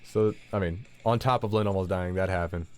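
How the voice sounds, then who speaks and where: Animated man telling a story. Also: brisk, soft background music. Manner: animated, swears a lot, acts out quotes with raised pitch. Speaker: vlogger. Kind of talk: casual storytelling to camera.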